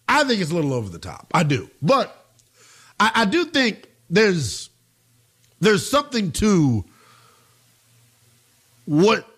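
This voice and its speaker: A man's voice: high voice, a bit bright. A middle-aged man hosting sports talk radio, opinionated, emphatic and blunt, with slangy asides.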